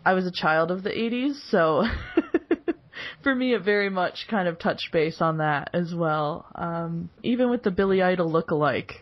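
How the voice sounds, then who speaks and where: A woman's voice: lowish voice, normal speed. A woman in her forties hosting a podcast, chatting casually and laughing often between phrases. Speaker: podcast host. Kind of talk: casual chat. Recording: dull lo-fi podcast audio.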